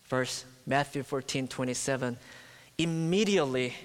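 A man preaching a sermon, emphatic, dropping to a near-whisper at times. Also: mid-range voice. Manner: emphatic, slow, swings from loud to near-whisper. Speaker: pastor. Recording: long hall reverb.

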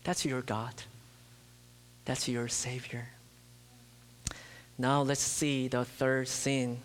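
A man's voice: medium pitch, flat delivery. A man preaching a sermon, emphatic, dropping to a near-whisper at times. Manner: emphatic, slow, swings from loud to near-whisper. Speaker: pastor. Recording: long hall reverb.

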